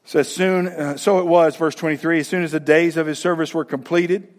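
A man's voice: fairly high pitch, steady tone, fairly quick. A man pastor preaching a sermon, talking to the congregation with direct questions and frequent restarts.

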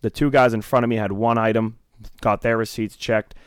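A man's voice: lowish voice, fairly even intonation, fairly quick, clean tone, no echo, clean studio sound. A man co-hosting a podcast, telling a rambling, profane anecdote with lots of laughter. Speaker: podcast co-host. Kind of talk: casual storytelling on a podcast.

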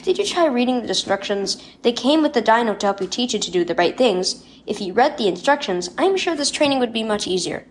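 A woman voicing a patient, gentle mother explaining things to her son in a children's story. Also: on the high side, animated, a little fast, hardly any pauses, lightly acted.

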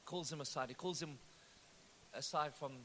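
Bright high-voiced pastor. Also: male voice, moderate pace, slight background noise. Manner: storytelling with joking asides. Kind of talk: sermon. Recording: echoey hall.

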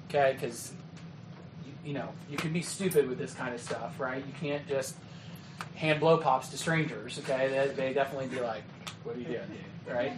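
A man giving a training talk to youth ministry leaders in a conversational way, often checking in with "okay?" and "right?" and acting out quick exchanges. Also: a little high, background noise. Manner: acts out quick quoted exchanges. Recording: echoey room with faint ambience.

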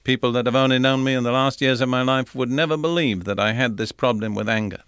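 A man's voice: medium pitch, fairly even intonation, a bit bright, clear, resonant tone, no room sound. Older man preaching in a dry room. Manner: measured, earnest Bible exposition, slowing to stress scripture. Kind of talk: sermon.

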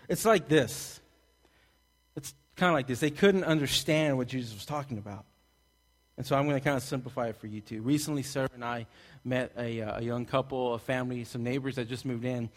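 A man from Texas preaching a sermon, telling jokes and stories with big swings between loud and soft. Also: medium pitch, a little fast. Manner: animated, joking storyteller who swings loud and soft. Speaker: pastor. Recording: long hall reverb.

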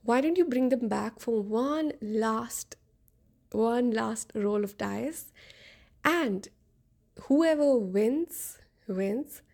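A woman's voice: fairly high pitch, very slow, gravelly, a little mellow, exaggerated voice. A woman voicing an arrogant young male prince who insistently argues and bargains, in a storytelling podcast. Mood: indignant.

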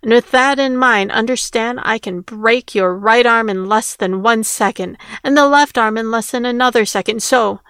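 A woman's voice: on the high side, normal speed, hardly any pauses, clear, resonant tone, no echo, studio quality. Cool, firm, threatening big man, read by a woman narrator. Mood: menacing. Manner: calm threatening. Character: calm firm large man who appears as a guardian.

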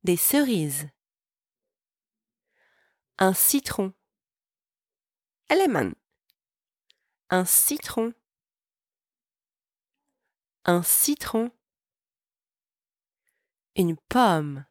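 A woman teaching a podcast French lesson, pronouncing each word slowly and clearly so listeners can repeat after her. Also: medium pitch, sing-song, darkish tone, dry recording, clean studio sound. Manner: clear, slow, deliberate pronunciation for repeating. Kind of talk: podcast language lesson with repetition drills.

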